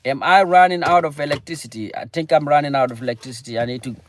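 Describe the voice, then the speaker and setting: A man's voice: on the high side, fast talker, noisy background. A young man hosting a casual livestream, rambling and breaking off to greet viewers in the chat. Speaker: livestream host. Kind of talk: casual live-stream chat. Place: in or near his car.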